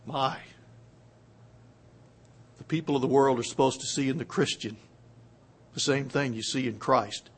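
In a sermon, a man with a mid-range voice builds from quiet, hushed passages to loud, emphatic high points, easing his pace to stress the important words.

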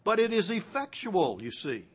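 A man preaching a sermon, reading scripture aloud and swinging between booming emphasis and quiet asides. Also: sing-song, slightly rough. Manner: reads scripture aloud, slows for key phrases. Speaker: pastor.

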